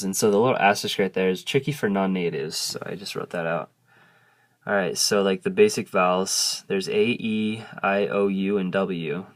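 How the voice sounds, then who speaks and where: A man who speaks English as his first language gives a casual video lesson, patiently explaining and sounding out vowels. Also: low voice. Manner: slow, patient explaining, modelling sounds aloud. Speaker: language teacher.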